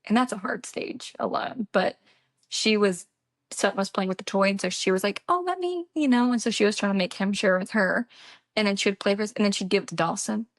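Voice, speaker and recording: A woman's voice: medium pitch, fairly even intonation, fairly quick, no echo, studio quality. A young woman co-hosting a podcast, chatting casually and laughing as she tells stories. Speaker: podcast co-host. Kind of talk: casual chat.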